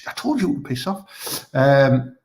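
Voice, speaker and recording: A man's voice: medium pitch, big pitch swings, takes it slowly, vocal fry, a little mellow. A man with a Teesside accent hosting a live online comedy show, rambling in crude, casual chat and leaning on "you know what I mean".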